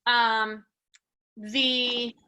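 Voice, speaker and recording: Woman, 30s, real estate team lead coaching her agents: brisk, animated, a bright and forceful voice set a little high. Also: clear, resonant tone. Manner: brisk and animated, acting out client dialogues. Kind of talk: casual team training talk.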